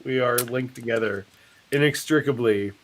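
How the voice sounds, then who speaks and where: A man's voice: mid-range voice, a little hiss or hum. A man co-hosting a live stream, chatting casually and rambling through jokes and food talk. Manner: rambling, jokey, drawn-out. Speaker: co-host.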